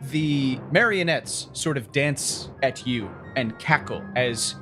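A game master narrating a tabletop game in a relaxed, descriptive way, with frequent fillers. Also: medium pitch, takes it slowly, over music.

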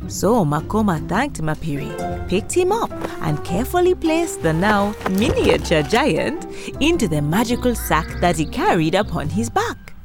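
Woman storyteller, children's tale, animated and lively pitch, music behind. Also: moderate pace. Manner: animated, expressive. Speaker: storyteller host.

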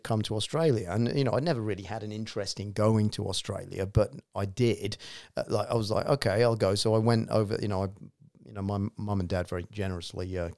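English man, 30s, podcast guest, low pitch, animated, laughs easily, dry recording. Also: dry recording. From England. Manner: animated, chatty, quick to laugh. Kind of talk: casual chat.

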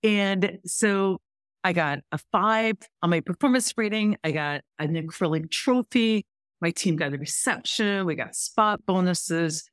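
A middle-aged woman, a podcast guest, telling a story in an animated way and acting out both sides of a conversation. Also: fairly low pitch, dry recording, clean studio sound. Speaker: podcast guest, workplace author and speaker. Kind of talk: storytelling interview chat.

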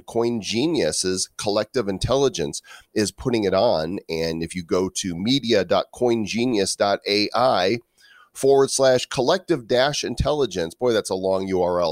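A man's voice: fairly low pitch, no echo, studio quality. A man co-hosting a casual crypto podcast, joking and punning as he reads headlines and promotes events. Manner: playful, jokey, punning. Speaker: podcast co-host. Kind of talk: casual comedic podcast chat.

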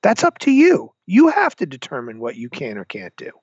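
A man voicing his stern, determined mother, speaking firmly and commandingly, with his pitch leaping high. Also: wildly swooping pitch, moderate pace, breathy edge, no room sound, muffled recording, full character voice. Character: stern, determined mother, middle-aged woman.

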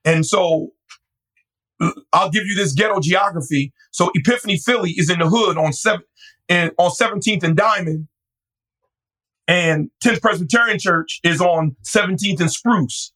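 A middle-aged male pastor recounting his story in an interview, animated and quick to act out voices. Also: sits high, rough recording. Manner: animated, laughing, acts out voices.

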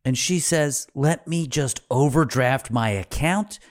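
A man's voice: medium pitch, takes it slowly. A man hosting a podcast who tells a story dramatically, acting out quotes and swearing freely. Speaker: podcast host.

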